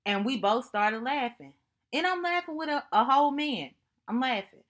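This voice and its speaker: A woman speaking to camera in an earnest, reflective monologue, telling personal stories in an unhurried way and often repeating herself for emphasis. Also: high voice, animated, a bit bright. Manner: earnest, thoughtful, unhurried storytelling with repetitions. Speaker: vlogger.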